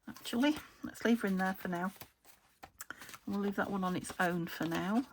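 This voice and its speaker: A British woman crafting at her table at home, thinking aloud and often dropping to a soft half-whisper as she narrates casually. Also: medium pitch, moderate pace, gravelly, slight background noise. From United Kingdom. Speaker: craft vlogger. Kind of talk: casual flip-through narration while crafting.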